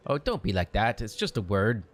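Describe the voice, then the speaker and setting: Man voicing a jealous, possessive male warrior in a game. Low voice, read flatly. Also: a little fast. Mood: pleading.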